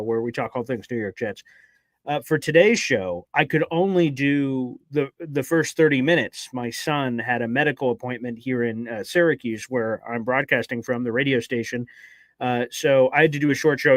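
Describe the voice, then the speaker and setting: A man co-hosting a casual sports talk show, telling a story in a lively way and acting out his own reactions. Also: mid-range voice, no room sound. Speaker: podcast co-host. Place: radio station studio.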